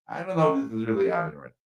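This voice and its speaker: A man's voice: lowish voice, sing-song, fast talker, crowd noise. A man hosting a casual livestream, chatting in a rambling way and laughing at himself. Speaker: livestream host. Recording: echoey mic with faint music.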